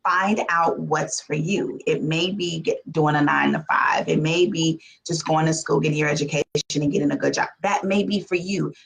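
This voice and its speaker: A woman on a panel giving advice slowly and emphatically in short phrases. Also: deep voice, fairly even intonation, gravelly, low-quality recording.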